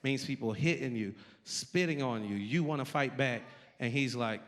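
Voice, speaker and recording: A man's voice: mid-range voice, moderate pace. A male stand-up comedian performing a live set with a brash, punchy, conversational delivery. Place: live comedy venue with an audience.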